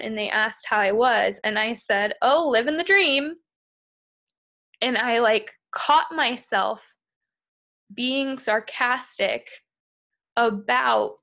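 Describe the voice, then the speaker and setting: A young adult woman with a fairly bright, somewhat high voice shares a candid personal story with a group as a guest speaker. She speaks emotionally, leans heavily on "like," and at moments sounds close to tears.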